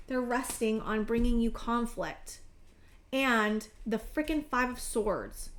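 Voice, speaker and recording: A woman in her thirties giving a pick-a-card tarot reading, rambling and emphatic, swearing freely and talking straight to the viewer. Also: a little high. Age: 30s. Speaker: tarot reader.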